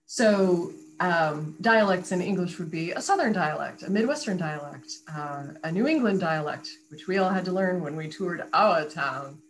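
A woman voice coach in a conversational interview, talking in an articulate, animated and explanatory way. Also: lowish voice, normal speed, few pauses, low-quality recording. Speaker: voice coach and radio guest.

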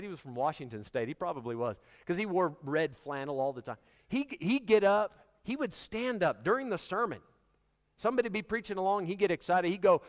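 A man preaching a sermon to his congregation, talking in a conversational, joking way. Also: fairly high pitch. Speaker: pastor. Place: church sanctuary. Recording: church hall reverb.

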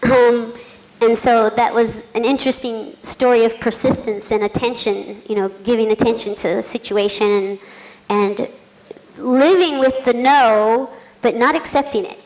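A middle-aged woman, a jockey, telling a story on a conference panel, talking fast with frequent laughs and fillers. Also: on the high side, fairly even intonation, darkish tone, rough recording. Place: conference hall.

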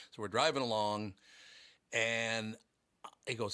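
Casting: low-voiced male radio host, jokey and rambling. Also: fairly even intonation, a little fast, bright, forceful tone, no echo, clean studio sound. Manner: joking, rambling storyteller. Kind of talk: casual radio chat.

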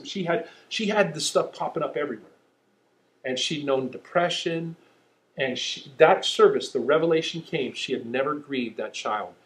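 A man's voice: fairly high pitch, a bit bright. Guy preaching, talks like he's chatting, keeps saying okay, roomy echo. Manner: conversational, checks in with "okay?". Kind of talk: sermon. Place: church sanctuary. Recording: echoey room.

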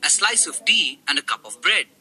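A woman's voice: low-pitched, very animated, normal speed, bright, forceful tone, slightly rough, voice pushed down, exaggerated voice, rough recording. A woman voicing a muddled, absent-minded man who speaks politely but sounds bewildered.

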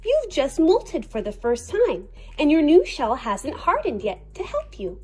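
A woman's voice: high voice, huge pitch swings, a little slow, dark tone, full character voice. A woman voicing fearful, warning crabs. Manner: anxious and warning. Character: cautious fearful crowd of crabs.

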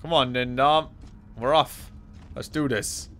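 An Irish man commentating as he plays a shooter game, excitable and swearing freely, often yelling at enemies. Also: medium pitch, slow, slight background noise. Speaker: streamer. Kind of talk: gameplay commentary.

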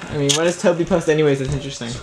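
A woman's voice: sits low, steady tone, rapid-fire, a loud crowd. A young woman chatting with friends, teasing and laughing often. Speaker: vlog participant. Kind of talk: casual chat among friends.

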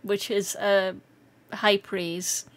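A Scottish woman streaming live, chatting casually with viewers, excitable and quick to laugh. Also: mid-range voice. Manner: excitable and giggly, laughs often. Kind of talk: casual livestream chat.

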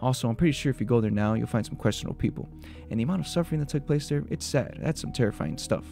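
A man's voice: medium pitch, vocal fry. A man hosting a video that retells urban legends, jumping between spooky storytelling and joking reactions. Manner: quick, mixes spooky retelling with joking asides. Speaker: video host. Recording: soft music behind the voice.

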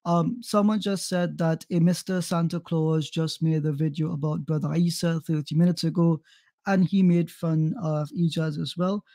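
A man from South America co-hosting a livestream, hesitant with fillers but turning to sharp, mocking put-downs. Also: on the high side, little pitch movement, normal speed, no echo. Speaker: co-host. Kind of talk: casual livestream chat.

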